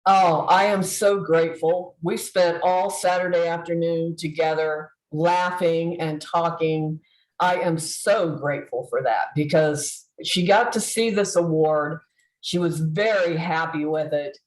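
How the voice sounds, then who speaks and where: A woman giving a heartfelt tribute over a video call, halting with fillers and restarts. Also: fairly low pitch, roomy sound, low-quality recording. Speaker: convention presenter.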